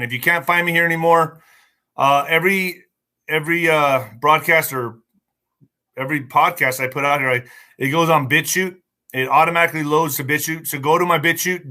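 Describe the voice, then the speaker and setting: A man's voice: fairly high pitch, bright, forceful tone. A man hosting a podcast, reading news aloud and ranting angrily about it, often stumbling over words and swearing. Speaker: podcast host. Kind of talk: casual news commentary podcast.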